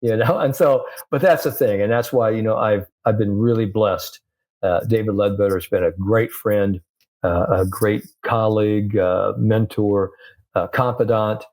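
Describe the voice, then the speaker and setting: Older man spinning an animated story. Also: on the low side, moderate pace. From United States. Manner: animated storyteller, many "you know" fillers. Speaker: sports psychologist, guest. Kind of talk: casual storytelling interview.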